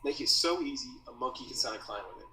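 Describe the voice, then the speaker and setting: A man teaching copywriting in a loose, slangy way, with a bright, lively voice. His pitch swings widely as he talks. He is recorded from some distance in a roomy space with echo and a faint hiss underneath. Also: quick pace. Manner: slangy, loose, says dude and bro. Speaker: copywriting course creator teaching. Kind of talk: casual teaching talk.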